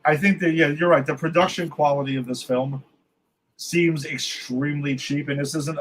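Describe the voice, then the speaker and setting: A man with a slightly raised pitch co-hosts a casual movie review podcast. He sounds exasperated and swears often. He rambles, restarting his sentences as he goes. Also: steady tone, moderate pace, slight background noise, rough recording. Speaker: podcast co-host.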